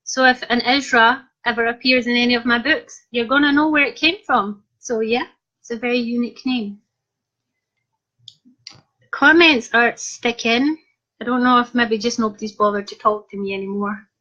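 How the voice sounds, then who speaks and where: With a fairly high, sharp-toned voice and fairly even intonation, a Scottish woman author speaks at normal speed while casually reading out live stream comments and joking on the side. The stream's audio is somewhat muffled and lo-fi.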